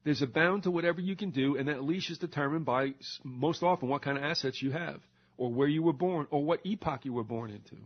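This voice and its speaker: A man's voice: a little high, fairly quick. Sarcastic older man ranting, lo-fi sound. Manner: sarcastic, indignant, mocking asides. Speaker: radio talk show host. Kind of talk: ranting monologue. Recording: dull lo-fi recording.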